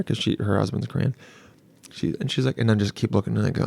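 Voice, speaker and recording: A young man hosting a casual podcast, telling a story in a rambling, animated way, swearing now and then and acting out what people said. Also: lowish voice, fast, vocal fry, no echo. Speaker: podcast host. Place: studio.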